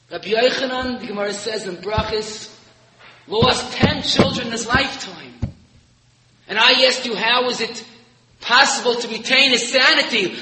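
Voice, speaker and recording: Rabbi guy preaching, high sharp voice, big echoey hall, gets loud then drops real quiet. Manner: storytelling with rising emphatic peaks and sudden hushed drops. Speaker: rabbi giving a Torah talk. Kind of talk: sermon. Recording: echoey hall, long reverb.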